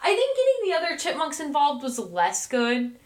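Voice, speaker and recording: A woman co-hosting a casual movie review podcast, talking in an animated, incredulous way with many "like" fillers. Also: high-pitched, normal speed. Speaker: podcast co-host.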